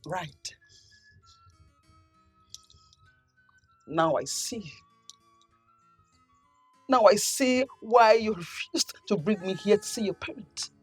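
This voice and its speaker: A woman's voice: mid-range voice, lively intonation, slow, long pauses, slightly rough, soft background music, full character voice. An actress with a Nigerian accent playing a betrayed young woman who lashes out at her lover. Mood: resigned. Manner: accusing, bitter. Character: jilted young woman, furious then resigned.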